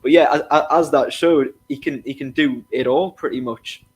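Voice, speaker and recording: A man's voice: medium pitch, moderate pace, slightly rough. A man co-hosting a casual football podcast, hedging his opinions and restarting his sentences often. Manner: hedging, repeats himself, many restarts. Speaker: podcast co-host.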